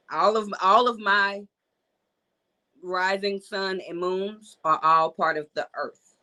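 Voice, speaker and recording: A woman's voice: lowish voice, fairly bright tone, rough recording. A woman, hosting a live call-in show in a loose, chatty way and talking straight to her viewers. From Georgia, USA. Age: 40s. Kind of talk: casual live-stream chat.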